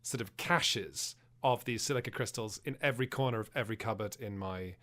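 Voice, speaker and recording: A man, a podcast guest, talking in a deadpan, mock-serious casual chat. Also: fairly low pitch, fairly quick. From England.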